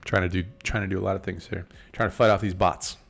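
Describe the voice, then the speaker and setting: A man's voice: low-pitched, level tone, quick pace, creaky, a bit bright, faint music behind. A man hosting a casual poker live stream, chatting easily with viewers while talking through his hands. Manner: laid-back, chatty, multitasking while reading chat. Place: in Las Vegas.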